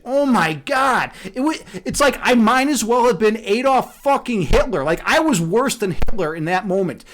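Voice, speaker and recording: High-voiced man rambling on a livestream. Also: animated, moderate pace, hardly any pauses, a bit bright. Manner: rambling and profane, laughs at his own jokes. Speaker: livestream host. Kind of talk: casual livestream monologue.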